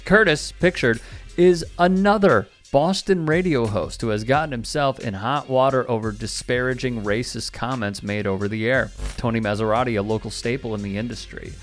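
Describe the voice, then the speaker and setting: A man's voice: medium pitch, moderate pace. A man hosting a sports news commentary, delivering a scripted segment with a wry, pointed tone. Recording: faint music bed behind.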